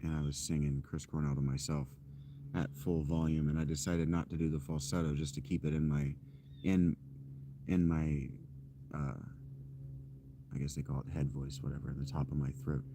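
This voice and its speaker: A man in his thirties chatting casually with his stream while walking outdoors, rambling with fillers and self-corrections in a loud, projecting voice. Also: very deep voice, little pitch movement, normal speed, long pauses, a little hiss or hum. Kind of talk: casual live-stream chat. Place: outdoors, walking through a parking lot.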